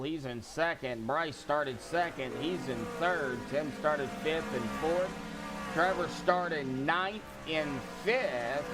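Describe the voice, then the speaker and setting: A man giving casual play-by-play commentary on an online truck race, chatty and relaxed as he runs through the positions. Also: fairly high pitch. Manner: laid-back, chatty, calling positions. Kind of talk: casual sim-racing commentary. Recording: music playing loudly behind.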